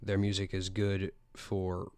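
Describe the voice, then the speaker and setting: Teen boy from South Carolina, podcast host, rambling and enthusiastic; low, smooth voice, dry close sound. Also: monotone, slow pace, mellow, dry recording. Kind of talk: casual music roundup podcast.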